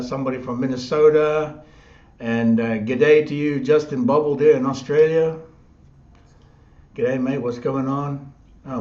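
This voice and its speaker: A man hosting a live online chat, upbeat and quick to laugh. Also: medium pitch, a little mellow, roomy sound, muffled recording. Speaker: host.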